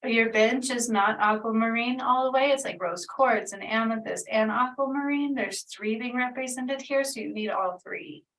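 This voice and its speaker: A woman's voice: fairly high pitch, normal speed, few pauses, fairly bright tone, distant mic, poor audio. A woman doing a casual spiritual energy reading, talking in a meandering, earnest way full of fillers. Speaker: spiritual healer channeling energy.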